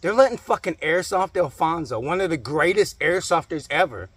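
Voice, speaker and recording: A man's voice: on the high side, animated, moderate pace, fairly bright tone, breathy edge, no room sound. A man in a comedic rant, angry and profane, swearing constantly and repeating himself. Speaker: comedic ranting character.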